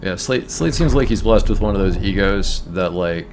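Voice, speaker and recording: A man's voice: deep voice, lively intonation, moderate pace, background noise. A man streaming a game, chatting casually and musing aloud about words as he plays. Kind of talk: casual gameplay commentary.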